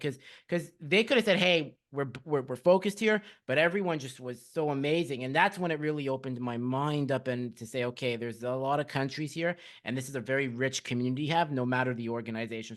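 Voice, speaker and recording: A man hosting a podcast interview, telling stories in an excited, rambling way full of restarts and fillers. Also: mid-range voice. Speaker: podcast host. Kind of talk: casual conversational interview.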